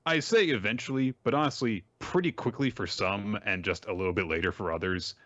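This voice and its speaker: A man hosting a podcast, summarizing a manga series in a rambling, measured way with lots of fillers. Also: lowish voice, a bit bright, no echo. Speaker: podcast host. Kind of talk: casual chat and series summary. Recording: dry, dull lo-fi mic.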